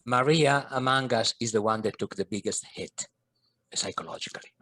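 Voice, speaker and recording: A man's voice: medium pitch, moderate pace, fairly bright tone. A middle-aged man, a podcast guest and coach, telling a personal story in an earnest, vivid way. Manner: earnest, vivid, slips in Italian and French phrases.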